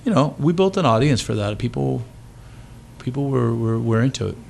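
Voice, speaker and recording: A man's voice: mid-range voice, expressive, normal speed, creaky, a little mellow. A man from Maui telling stories as a guest in a casual talk show chat. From Maui, Hawaii. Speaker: actor guest.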